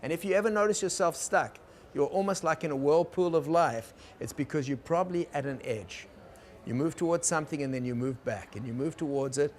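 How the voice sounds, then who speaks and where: A man teaching about conflict in a gentle, explaining lecture style, checking in with his listeners. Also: fairly high pitch, a little fast. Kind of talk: recorded lecture.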